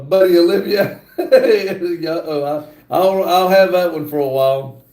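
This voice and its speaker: Middle-aged male streamer, gravelly and unhurried, halting and apologetic as he reads viewer comments. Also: a little high, mellow. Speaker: livestream host. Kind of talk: casual livestream chat. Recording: roomy echo.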